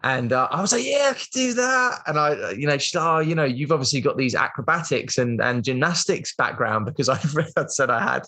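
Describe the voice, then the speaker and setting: A man from Britain in his thirties, sitting as a podcast guest. His voice sits at an ordinary middle pitch. He tells a long anecdote casually, full of fillers and restarts. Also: brisk, hardly any pauses, sharp tone. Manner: rambling, chatty, lots of "like" and "um" fillers. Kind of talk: casual storytelling interview.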